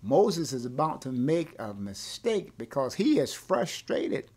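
A male pastor teaching a Bible class, animated, often repeating words and asking rhetorical questions. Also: medium pitch, a little slow, breathy edge.

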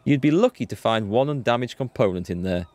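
A man voicing a calm, tactful male police lieutenant in a measured, patient, polite way. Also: mid-range voice, close to an everyday voice.

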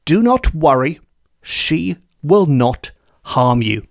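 A man reading a calm reassuring farmer. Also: on the high side, slow pace, vocal fry, dry recording, studio quality, full character voice.

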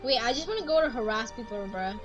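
A woman streaming a game, chatting casually in slang and breaking into loud outbursts. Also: a little high, animated, quick pace, muffled recording. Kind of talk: casual gaming livestream chat. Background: game music.

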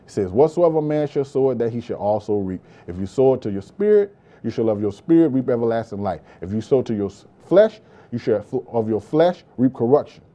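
Dark-voiced preaching man. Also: mid-range voice, muffled recording. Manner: impassioned preaching, frequent "beloved" and "praise God", repetitive emphasis. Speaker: pastor. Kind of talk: sermon.

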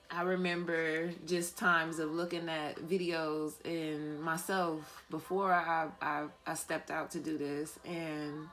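A woman giving a casual tarot reading, playful and profane, often breaking into laughter. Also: low-pitched. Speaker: tarot reader and life coach.

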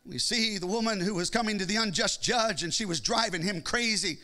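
Midwestern pastor guy, high bright voice, preaching hard with that singsong rhythm. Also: fairly quick, hardly any pauses. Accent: Midwestern American. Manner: fervent preaching, building to shouts and sing-song cadence. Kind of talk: sermon.

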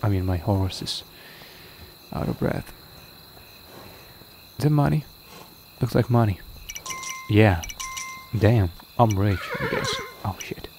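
A man talks slowly through a game he is playing, his voice gravelly with fry. He hesitates and fills gaps with ums, reading on-screen prompts aloud. The home recording carries clear background noise and chirping crickets. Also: lowish voice, huge pitch swings, a little mellow. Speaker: gaming video creator. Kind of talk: casual let's-play commentary.

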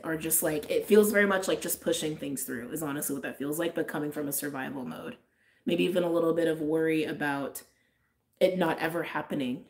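A deep female voice, running a little fast. She's a tarot reader chatting directly to her viewers in a casual way, leaning on "like" and laughing often.

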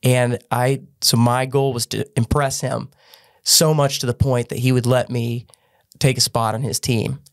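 A man's voice: mid-range voice, little pitch movement, measured pace, dry recording, studio quality. A man who was a gymnast, telling his story earnestly as a podcast guest and often restarting his sentences. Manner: earnest, with frequent restarts and fillers. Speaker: podcast guest, former gymnast turned business owner. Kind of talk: casual storytelling interview.

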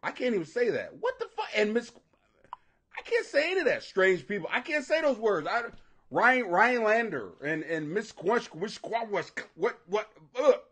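A man chatting casually with viewers, animated and profane, joking and laughing often and tripping over hard names. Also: sits high, normal speed, slightly rough.

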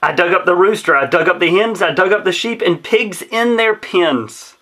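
A man's voice: high-pitched, animated, moderate pace, bright, forceful tone. A man reading a rhyming children's story aloud in a rhythmic, sing-song way. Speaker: storybook reader.

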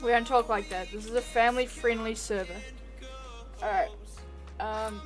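A woman streaming a video game, chatting casually, teasing and yelling at other players. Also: fairly high pitch, fairly even intonation, moderate pace, soft background music, poor audio. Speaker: livestreamer. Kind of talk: casual gaming livestream chat.

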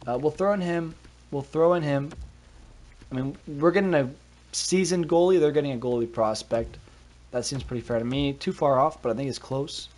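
A man's voice: fairly high pitch, a little mellow. Chatty man live-streaming a hockey game. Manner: chatty, thinks aloud, quick reactions. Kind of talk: casual live-stream commentary. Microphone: desk mic with a cover.

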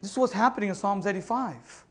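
A pastor delivering an impassioned sermon in a church, moving between loud exhortation and hushed storytelling and often asking his listeners for an amen. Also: high voice, quick pace. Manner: calls listeners "family" and keeps asking "amen?". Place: church sanctuary.

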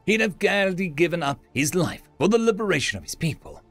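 A man narrating a science fiction story in an expressive, dramatic style. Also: sits high, a little fast, faint music behind.

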